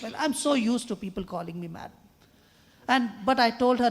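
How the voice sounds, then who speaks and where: A man with a high, soft voice often mistaken for a woman's. He preaches earnestly to a young audience, weaving stories and repeating a refrain. The sound carries the long reverb of a large hall. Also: brisk. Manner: earnest, storytelling, with quoted refrains. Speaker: guest musician and speaker. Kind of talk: sermon-style talk to a youth audience. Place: large hall at a choir festival.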